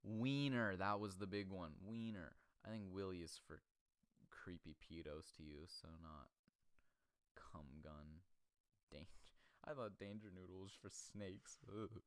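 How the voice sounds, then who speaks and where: A man's voice: sits low, measured pace, clear, resonant tone, dry recording. A man hosting a casual comedy chat, crude and rambling, often laughing. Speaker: podcast host.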